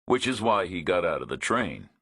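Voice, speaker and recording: A man narrating a thriller audiobook in a measured, understated reading. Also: sits low, very animated, fairly bright tone, husky, dry recording, studio quality.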